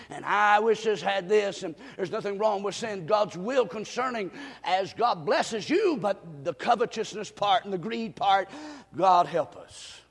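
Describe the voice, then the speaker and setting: A male pastor preaching a revival sermon, swinging between quiet asides and shouted exhortation in a church sanctuary. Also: sits high, gravelly, husky. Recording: long reverb of a church hall.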